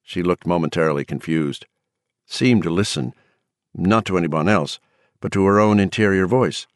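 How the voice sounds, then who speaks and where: Low-voiced man narrating an audiobook. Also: normal speed, dry recording, clean studio sound. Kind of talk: scripted narration.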